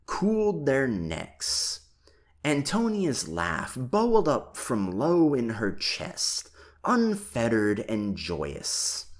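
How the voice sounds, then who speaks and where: Audiobook reader, slow and deliberate, very lively, expressive pitch, unhurried narration.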